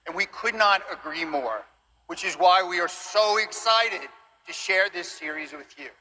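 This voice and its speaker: A man's voice: high-pitched, animated, measured pace, pushed and bright, slight background noise, poor audio. A man, a studio co-founder, giving an earnest, emotional stage presentation of a new series. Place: large event stage.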